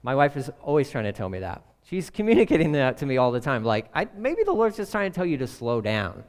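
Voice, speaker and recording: Animated preaching man in a reverberant hall. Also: medium pitch, fast talker. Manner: animated storytelling, acting out voices of others. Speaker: pastor. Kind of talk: sermon.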